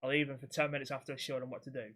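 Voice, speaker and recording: A man's voice: mid-range voice, flat delivery, racing, a bit bright. A young man, a podcast co-host telling blunt, sweary stories from his axe-throwing job in casual chat.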